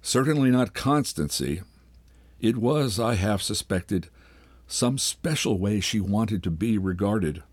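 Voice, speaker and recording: An older man, reading a short story aloud in a measured, unhurried way. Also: fairly low pitch, lively intonation, a little mellow, slightly rough, dry recording. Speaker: host and reader. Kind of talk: literary reading.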